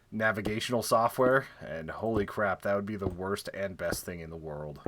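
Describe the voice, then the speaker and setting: A man's voice: low voice, noisy background. A young man streaming a building game, chatting casually and jokingly, with lots of fillers, and counting blocks under his breath.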